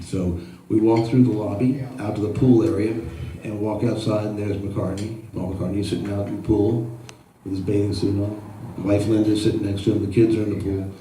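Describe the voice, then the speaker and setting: Mellow-voiced older man telling stories. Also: lowish voice, normal speed, slight background noise. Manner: animated storyteller who acts out dialogue. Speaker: photographer giving a gallery talk. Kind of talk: anecdotal storytelling to an audience. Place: large indoor art gallery. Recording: very echoey room, far from the mic.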